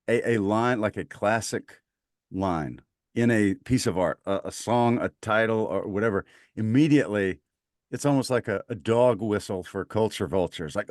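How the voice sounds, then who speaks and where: A man's voice: fairly low pitch, no echo, clean studio sound. A man from Mississippi with a Southern accent, talking enthusiastically as a podcast guest, rambling with lots of fillers. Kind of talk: casual conversation.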